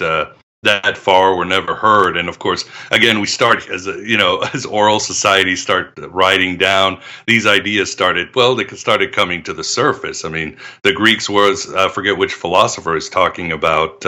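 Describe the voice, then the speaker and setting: A man's voice: low voice, normal speed, pushed and bright. A man as a podcast guest, talking in an expansive storytelling way and laughing often. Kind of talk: conversational interview.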